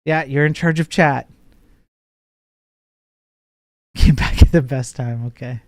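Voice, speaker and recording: A man's voice: medium pitch, slow pace, no room sound, clean studio sound. A man chatting casually on a coding livestream, reading and answering chat with teasing jokes and frequent laughter. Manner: joking, teasing, laughs often.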